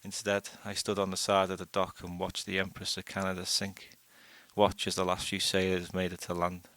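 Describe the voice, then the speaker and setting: A man reading a first-person short story aloud in a steady, unhurried way. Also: sits low, no room sound. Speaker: audiobook narrator.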